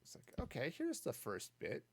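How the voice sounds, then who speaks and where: A man's voice: mid-range voice, wildly swooping pitch, moderate pace, vocal fry, a little mellow, slight background noise. A man streaming a building game, talking through his plans in a rambling way with jokey asides. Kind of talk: casual gameplay commentary.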